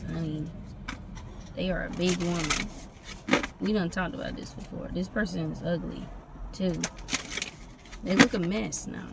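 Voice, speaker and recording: Gravelly, profane tarot reader. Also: mid-range voice, a little slow, long pauses. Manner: loose, profane, free-associating commentary. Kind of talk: casual intuitive reading. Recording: noisy background with vehicle sounds.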